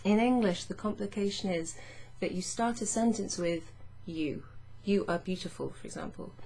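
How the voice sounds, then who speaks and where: A woman teaching French grammar in a patient, chatty way, reading French phrases slowly and explaining them. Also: mid-range voice, creaky, mellow. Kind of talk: casual explanatory lesson.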